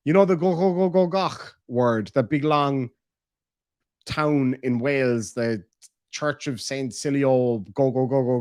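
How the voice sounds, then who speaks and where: A man's voice: mid-range voice, dry recording, studio quality. A man with an Irish accent hosting a livestream, reading out viewer messages in a casual, joking, playfully crude way. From Ireland. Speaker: livestream host.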